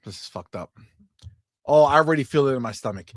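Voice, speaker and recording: A man's voice: fairly low pitch, expressive, a little fast, dry recording, clean studio sound. A male livestream host on a podcast, ranting in a profane, exasperated way. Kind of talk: livestream chat.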